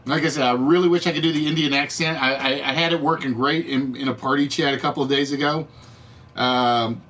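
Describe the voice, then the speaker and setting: A man hosting a live game show stream, ranting to his chat in an animated, exasperated way, his voice cracking. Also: medium pitch, a little fast. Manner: animated, exasperated storytelling with repetitions. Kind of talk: casual rant to live chat.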